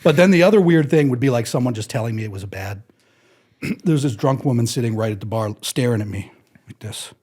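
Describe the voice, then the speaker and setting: A man, a guest musician, telling casual stories in an animated way and acting out other people's lines. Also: medium pitch, brisk, slightly rough. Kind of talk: casual storytelling.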